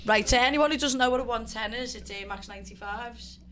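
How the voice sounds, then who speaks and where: With crowd noise behind her, a Liverpool woman in her thirties, a professional fighter, tells stories as a guest in a casual chat, using a Scouse accent, swearing freely and acting out quotes. Her voice is on the high side and her delivery is brisk.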